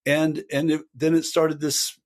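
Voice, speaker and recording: A man's voice: fairly high pitch, level tone, measured pace. Older man rambling through band stories. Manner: rambling, self-deprecating storytelling. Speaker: guest, punk band singer. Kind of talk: casual podcast chat.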